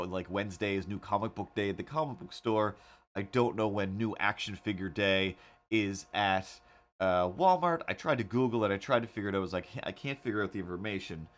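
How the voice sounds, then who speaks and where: A man hosting a casual livestream while he draws, rambling through animated stories with lots of fillers and restarts. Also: lowish voice. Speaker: livestream host.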